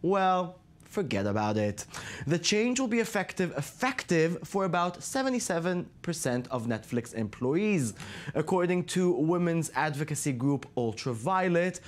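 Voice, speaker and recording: With a lively, fairly high voice, a male host delivers a tech news segment from a script at a brisk clip. Between items he tosses off deadpan, sarcastic asides.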